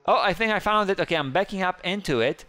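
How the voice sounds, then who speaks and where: A man giving excited, playful game commentary who squeals up high whenever he panics. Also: fast talker. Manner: squeals high when panicked, playful kid-friendly banter. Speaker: gaming YouTuber.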